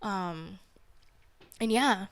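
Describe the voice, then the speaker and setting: A woman's voice: medium pitch, drawn-out words, a bit bright, no echo. A young woman hosting a podcast, chatting candidly on her own in a rambling way, with "like" in almost every sentence. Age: young adult. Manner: rambling, heavy use of filler "like", candid and chatty. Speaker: podcast host. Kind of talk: casual solo chat.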